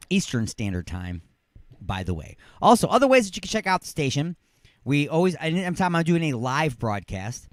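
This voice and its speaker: A man hosting a live radio talk show, plugging his station in a loose, rambling way with playful jokes, swinging from loud hype to mumbled asides. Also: medium pitch, no room sound, clean studio sound. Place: radio studio.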